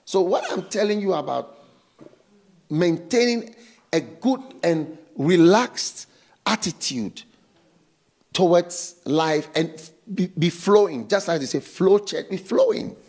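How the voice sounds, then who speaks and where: Slow, high-voiced preaching man. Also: lively intonation, a little mellow. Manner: slow, emphatic preaching with repeated call-outs. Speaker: pastor. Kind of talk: sermon. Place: church.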